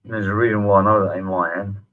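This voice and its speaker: A man's voice: lowish voice, level tone, rapid-fire. A middle-aged man, hosting a sarcastic response video, sneering and swearing freely. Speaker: channel host. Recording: tinny phone-like audio.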